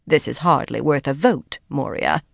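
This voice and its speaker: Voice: medium pitch, moderate pace, gravelly, dry recording, studio quality. A narrator voicing a prim woman on a council who speaks in a tight, stiff voice.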